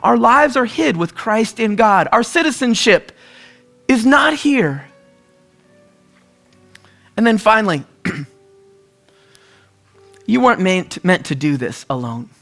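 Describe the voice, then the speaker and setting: A man from the US Northwest preaching a conversational sermon, telling stories and often clearing his throat. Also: high voice, big pitch swings, takes it slowly, pauses often, fairly bright tone, faint music behind. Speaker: pastor.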